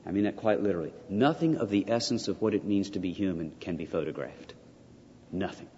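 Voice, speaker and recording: An older man delivers a theology lecture in a fairly low voice, pressing his points with repetition and rhetorical questions. The recording is dull and lo-fi. A long reverb trails behind him, as in a large hall. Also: lively intonation, quick pace, warm tone, a little hiss or hum. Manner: emphatic, repeats key points, rhetorical questions.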